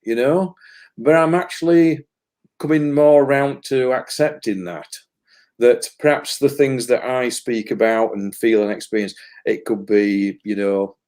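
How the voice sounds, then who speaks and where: A man's voice: mid-range voice, a little slow, darkish tone. Meandering man musing on spirit matters. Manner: musing, meandering with many restarts. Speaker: spiritual guest and energy reader. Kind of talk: casual live conversation.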